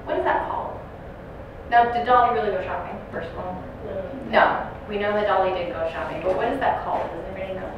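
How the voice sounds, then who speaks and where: A woman giving a dementia care training talk to a class, telling stories and acting out residents' shouts. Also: medium pitch, a little fast, dull audio. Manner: storytelling, acts out residents loudly. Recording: echoey room from far off, noisy.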